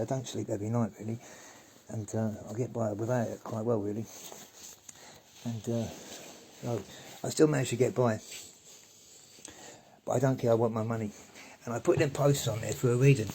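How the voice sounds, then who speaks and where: A man's voice: mid-range voice, fairly even intonation, normal speed, pauses often, mellow, a little hiss or hum. Ranting, profane man. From England. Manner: profane, ranting, loose and wandering. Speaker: vlogger. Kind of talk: rambling monologue to camera.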